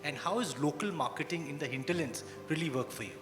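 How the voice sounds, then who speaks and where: A man's voice: on the high side, fast talker. A man moderating a conference panel, asking probing questions to steer the discussion. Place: conference hall. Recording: echoey hall with music.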